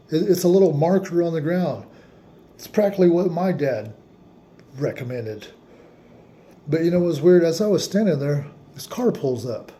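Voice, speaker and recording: A man spins a rambling personal story, stumbling over restarts as he goes. His voice sits a little high but sounds mellow and dark, with faint noise behind it. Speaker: vlogger. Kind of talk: casual storytelling monologue.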